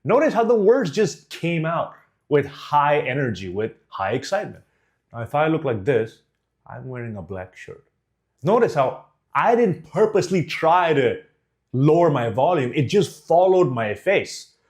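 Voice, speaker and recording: Male speaking coach, young adult, expressive and animated delivery. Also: fairly high pitch, normal speed. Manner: animated, demonstrates tones and faces. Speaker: communication coach. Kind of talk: direct-to-camera speaking lesson.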